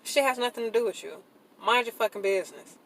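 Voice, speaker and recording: A woman speaking to camera in a blunt, profane, emphatic rant, swinging into loud outbursts. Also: a little high, quick pace, vocal fry, a little hiss or hum, low-quality recording. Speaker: vlogger. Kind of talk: casual venting monologue.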